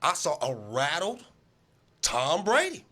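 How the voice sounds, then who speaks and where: A man's voice: sits high, wildly swooping pitch, a little slow, sharp tone. A man hosting a casual sports talk show, arguing emphatically and repeating himself for emphasis.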